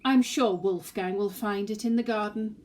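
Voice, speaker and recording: A woman's voice: medium pitch, moderate pace, darkish tone, voice pushed up, lightly acted. A woman voicing a scheming elderly grandmother who talks in a sweetly insinuating, sing-song way, in a storybook reading. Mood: sly sweet. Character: sly, scheming old grandmother, falsely innocent.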